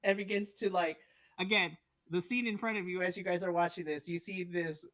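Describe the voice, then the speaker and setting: A woman with a slightly low voice narrates a tabletop adventure as game master. She is playful and giggly and often laughs as she goes. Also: fairly even intonation, fairly quick, fairly bright tone. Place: live stream.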